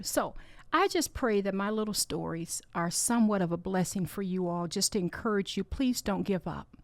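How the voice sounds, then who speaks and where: A woman's voice: mid-range voice, normal speed, dry recording. Earnest woman giving a faith talk. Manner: earnest, encouraging, emotional. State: tearful. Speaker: podcast host. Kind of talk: faith-based inspirational talk.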